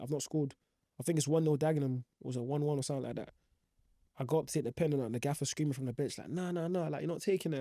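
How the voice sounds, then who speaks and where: A young professional footballer appears as a guest and casually tells stories about his career, his slangy, rambling speech full of fillers. His voice is mid-range and dark in tone, and the recording is dry, clean studio sound.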